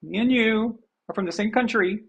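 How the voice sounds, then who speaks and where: An American man hosting a live sports show talks bluntly in a rambling, casual rant that repeats itself and restarts. His high voice moves at a moderate pace and sounds creaky and a bit bright, with a breathy edge.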